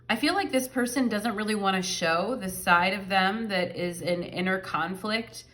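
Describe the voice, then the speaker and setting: A woman walks viewers through a tarot reading, talking loosely and circling back on herself with fillers and asides. Her voice is bright and forward, at an ordinary pitch for a woman. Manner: chatty, rambling, many fillers and asides. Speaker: tarot reader. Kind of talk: pick-a-card tarot reading.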